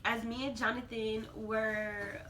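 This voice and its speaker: A woman's voice: on the high side, level tone, slow pace. A young woman talking candidly in a home vlog, rambling and emotional, laughing through tears at times. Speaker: vlogger. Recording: distant mic, faint background noise.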